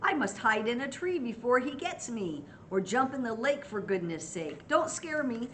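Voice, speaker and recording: A grandma doing a sorry, sniffly storybook elephant. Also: female voice, a little high, big pitch swings, moderate pace, a bit bright, a little hiss or hum. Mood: panicked. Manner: sorry, pleading, then giggling. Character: big apologetic male elephant.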